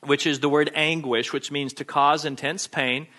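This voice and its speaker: A man's voice: a little high, steady tone, moderate pace, sharp tone. A man preaching a sermon, emphatic and insistent, hammering home his points by repeating key phrases.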